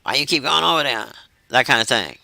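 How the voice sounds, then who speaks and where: A man casually chatting to his live-stream viewers in a profane, animated way, swinging into mock outrage. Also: medium pitch, fairly quick, creaky, no room sound.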